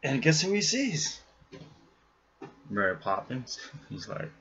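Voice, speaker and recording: Male joke teller, laughs through his story, lively pitch; lo-fi webcam sound. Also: slow, gravelly, long pauses, slight background noise. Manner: laughs often through the telling. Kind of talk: telling a long joke.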